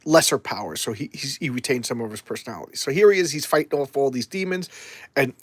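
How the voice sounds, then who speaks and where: A man's voice: medium pitch, animated, fast, breathy edge, dry recording. A man chatting casually and enthusiastically as a comics vlogger, rambling with restarts. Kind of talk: casual chat.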